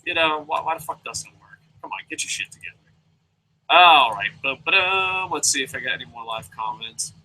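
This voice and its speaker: A man's voice: medium pitch, animated, brisk, sharp tone, slightly rough, rough recording. A young man hosting a casual live wrestling review, ranting profanely and rambling with goofy sound effects. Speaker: wrestling review show host.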